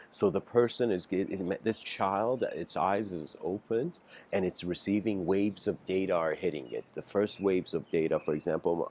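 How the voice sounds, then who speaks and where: A man giving an improvised philosophical lecture, halting and musing with frequent restarts. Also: deep voice, darkish tone.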